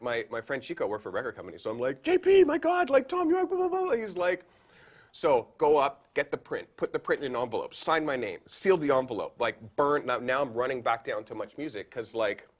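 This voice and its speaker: A man in his forties, a photographer, telling stories as a podcast guest, acting out quotes with big jumps in pitch and frequent laughs. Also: expressive, moderate pace. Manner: acts out quoted voices, jumps high in pitch, laughs often, many filler likes. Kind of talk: animated storytelling in a podcast interview. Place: podcast studio.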